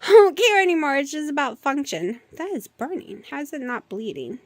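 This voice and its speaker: A woman's voice: sits high, expressive, brisk, dry recording. A woman chatting casually to her camera at home, talking to her cats and cooing at them in baby talk. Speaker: vlogger. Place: home room.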